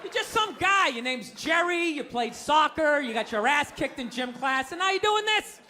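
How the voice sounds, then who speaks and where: A man's voice: extremely high pitch, big pitch swings, moderate pace, sharp tone, slight background noise. A man doing a stand-up comedy routine on stage, ranting in an exasperated, profane way. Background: audience laughter.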